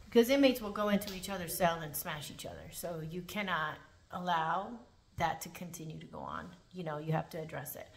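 A woman corrections officer telling a work story in a chatty, animated way, full of "like" and "um". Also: on the low side, brisk, gravelly. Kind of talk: casual spoken storytelling.

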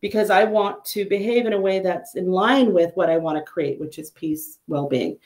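A middle-aged woman, a psychic medium, chatting casually and telling a story in an animated, lively way. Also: moderate pace. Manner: chatty storyteller, animated with pitch jumps on quoted lines. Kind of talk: casual chat.

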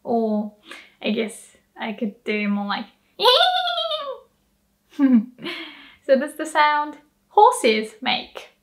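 A woman's voice: on the high side, lively intonation, slow. A young Japanese woman with a Japanese accent, giving a playful, casual language lesson and acting out animal sounds with frequent laughter. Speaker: language teacher.

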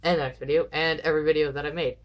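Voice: medium pitch, fairly even intonation, very fast, highs cut off. A vlogger chatting casually to camera at home, rambling and counting down nervously before each dare. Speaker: vlogger doing viewer dares. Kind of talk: casual vlog chat to camera. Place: indoors at home.

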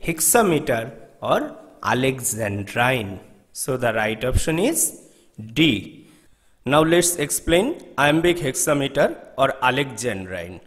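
A man's voice: a little high, big-room sound. A man teaching English literature exam questions, working through each answer option in a methodical way. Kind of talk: exam-prep lecture.

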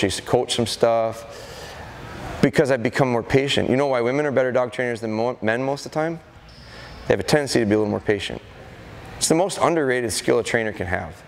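A man's voice: mid-range voice, slight background noise. A middle-aged man, a dog trainer, leads a live seminar, telling stories and acting out what dogs and their owners say. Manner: anecdotal, acts out dogs and owners. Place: event hall at a deer festival. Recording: long reverb of a large hall.

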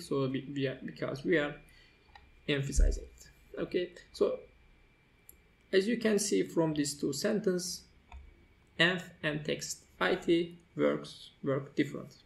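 A man's voice: on the high side, vocal fry. A man hosting a screen-recorded coding tutorial, talking through each step as he types, with fillers and restarts. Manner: walks through steps as he types, with fillers and self-corrections. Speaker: tutorial host.

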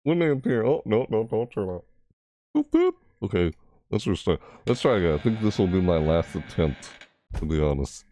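Warm-toned and low-pitched, a gaming channel host talks fairly quickly through a horror let's play on a dry recording. He's jumpy, crying out and yelping at scares and grumbling about the game.

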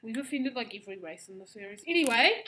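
A young woman playing an excitable female musketeer in an improvised online game role-play, shrieking one moment and whispering the next. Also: fairly high pitch, fast talker, noisy background, lightly acted. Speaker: player voicing a musketeer in an online animal game.

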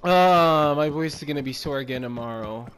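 High-voiced panicky young man gamer. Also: moderate pace, slight background noise. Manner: panicky, screams and shrieks when startled. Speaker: gaming streamer. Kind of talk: frightened gameplay commentary. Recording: loud game sounds behind.

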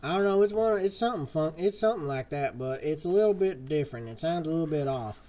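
A man streaming a western game live, chatting casually and swapping swear words for softer ones. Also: on the high side, animated, fast. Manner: chatty, swaps swears for "fudge". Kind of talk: live gameplay commentary. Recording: game music behind the voice.

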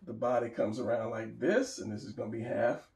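A man's voice: mid-range voice, fairly even intonation, a little fast, gravelly, a little mellow. A man giving a casual drawing lesson, talking while he sketches, encouraging and repeating phrases, recorded by a camera some distance away. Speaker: art teacher. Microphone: camera mic at a distance. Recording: roomy, distant camera mic.

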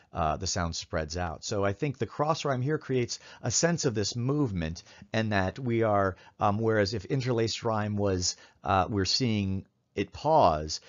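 Man, professor lecturing, very low voice, halting with fillers, muffled lo-fi sound. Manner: thoughtful, halting, with many fillers and restarts; reads poetry lines aloud in a measured way. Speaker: literature professor.

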